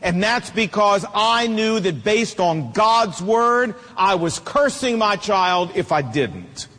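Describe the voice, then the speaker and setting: A man's voice: high-pitched, lively intonation, takes it slowly, fairly bright tone, long reverb tail. A middle-aged man preaching a sermon, emphatic and telling stories with acted quotes.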